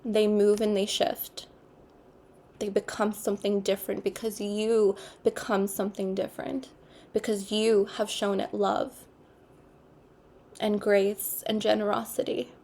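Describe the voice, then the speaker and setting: A woman giving an intuitive tarot card reading, speaking in an unhurried, earnest way and repeating her spiritual phrases. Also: medium pitch, level tone, dark tone, slight background noise. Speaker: tarot reader.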